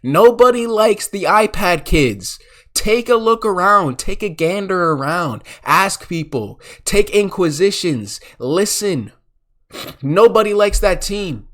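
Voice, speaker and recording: A man's voice: high voice, animated, slow, a bit bright. A young man giving ranting, mocking sports commentary as a vlogger, exasperated and repetitive.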